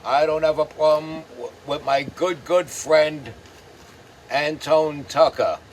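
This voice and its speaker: A man's voice: on the high side, fairly even intonation, slow pace, slight background noise. A man hosting his own show, delivering a profane, sarcastic ranting commentary. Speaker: host.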